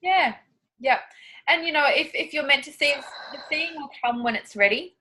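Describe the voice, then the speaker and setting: A woman teaching a class, guiding a meditation in a slow soothing cadence and then talking it over with students on a video call. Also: high-pitched, bright, forceful tone, rough recording. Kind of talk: guided meditation and group discussion.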